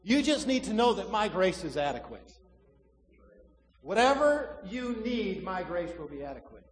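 A man preaching a sermon, swelling loud and then dropping to a hush, drawing out key words slowly. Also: high voice, very animated, in a large hall. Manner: dramatic preaching, swells loud then drops to a hush, slow emphatic stresses.

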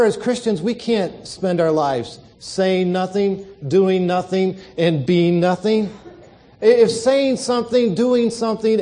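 A man's voice: high-pitched, warm tone. A male pastor preaching a sermon, telling stories and asking the congregation rhetorical questions.

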